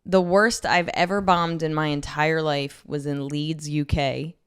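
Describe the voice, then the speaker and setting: A woman from New Jersey, a comedian chatting casually as a podcast guest, telling stories in a loud, animated way. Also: sits low, a little slow, clean tone.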